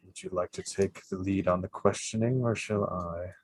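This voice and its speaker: Man playing a quiet, discreet companion. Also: fairly even intonation, normal speed, slightly rough, no room sound, low-quality recording. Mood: hushed. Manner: quiet, conspiratorial, low-key.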